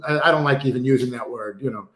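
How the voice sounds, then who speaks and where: Animated New man, echoey room. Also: mid-range voice, fast talker. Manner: animated storyteller, many fillers. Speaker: actor guest. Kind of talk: casual interview chat. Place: remote video call.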